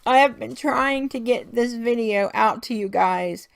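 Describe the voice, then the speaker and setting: Her voice is a little high with vocal fry, and she keeps a measured pace with hardly any pauses on a dry recording. She's a middle-aged craft-video host, folksy and talkative, laughing frequently as she vents in a casual vlog rant.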